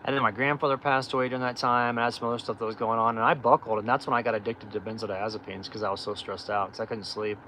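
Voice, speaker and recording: A man's voice: mid-range voice, level tone, very fast, hardly any pauses, pushed and bright, slight background noise, poor audio. A middle-aged man hosting a livestream, telling his life story in a candid, rambling way with lots of fillers and restarts. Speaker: off-grid channel host.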